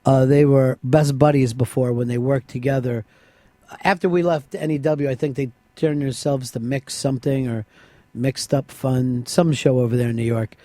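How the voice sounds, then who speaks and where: A man's voice: medium pitch, fairly even intonation, moderate pace, warm tone, no room sound. Teasing male radio host, dry studio sound. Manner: teasing, joking. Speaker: radio talk show host. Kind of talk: radio talk show banter.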